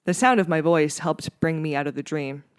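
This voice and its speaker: A podcast host reading a children's horror book aloud in dramatic, expressive narration with a few small slips. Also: mid-range voice, normal speed, clear, resonant tone, no room sound, clean studio sound. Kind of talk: audiobook-style narration.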